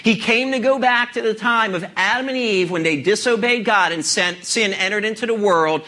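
A male pastor delivers a sermon in a high voice. His tone is bright and forceful, and he drives his points home with earnest rhetorical questions. He often pauses for effect.

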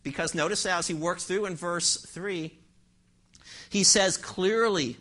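A man's voice: high-pitched, takes it slowly, bright, forceful tone. A man, a pastor, preaching an emphatic sermon in church and firing rhetorical questions at his congregation. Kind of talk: expository sermon.

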